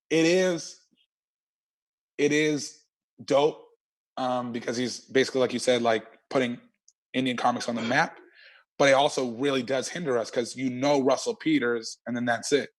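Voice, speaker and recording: A man, a stand-up comedian, telling stories in an animated, slangy and profane way as an interview guest. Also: mid-range voice. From Canada. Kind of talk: casual interview chat.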